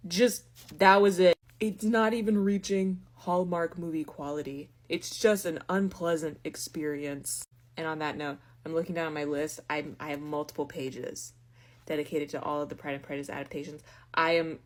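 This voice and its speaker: A young woman reviewing films in a casual, animated rant, sarcastic and exasperated, with sudden loud outbursts. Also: fairly low pitch. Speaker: book and film reviewer. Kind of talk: casual ranting review monologue.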